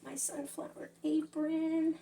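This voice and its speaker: A woman's voice: high-pitched, level tone, slow, gravelly, warm tone, distant mic, a little hiss or hum. A middle-aged woman with a Southern US accent chatting to her viewers while she cooks at home, rambling and addressing them as y'all. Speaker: cooking vlogger. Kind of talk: casual kitchen vlog chat. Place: home kitchen. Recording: echoey kitchen, voice from off-mic.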